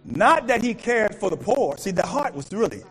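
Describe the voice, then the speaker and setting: A man serving as pastor preaches in a high voice at a moderate pace, though the audio is poor. His sermon is animated call-and-response, with repeated invitations for the congregation to finish his words.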